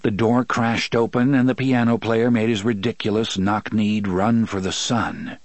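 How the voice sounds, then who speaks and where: Reading a scripted audiobook, a man delivers the story evenly and with measure. His voice is on the low side, and the recording is dry.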